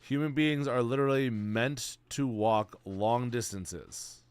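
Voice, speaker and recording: A young man streaming, chatting casually in a rambling, slang-heavy, excitable way. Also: medium pitch, slow pace, smooth, dry recording. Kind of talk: casual chat.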